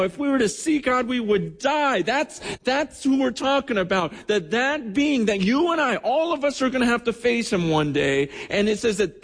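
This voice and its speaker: Man, pastor, fervent sermon delivery, quick repeated words, high-pitched voice, hall reverb. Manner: impassioned, repeats words, acts out quoted voices.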